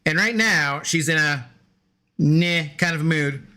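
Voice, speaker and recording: A man's voice: on the high side, takes it slowly, sharp tone. A man streaming video games, chatting playfully with his dog and his viewers. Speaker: game streamer. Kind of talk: casual live-stream chat.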